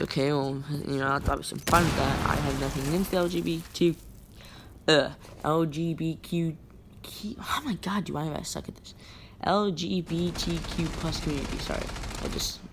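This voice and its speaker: Young-sounding woman, low voice, rambly storytime vlogger, faint hiss behind her. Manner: rambling, filler-heavy slang talk. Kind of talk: casual storytime vlog.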